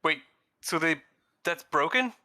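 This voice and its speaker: A man's voice: a little high, lively intonation, unhurried, sharp tone. A man playing a tabletop role-playing game with friends, chatting casually and describing his character's actions. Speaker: player.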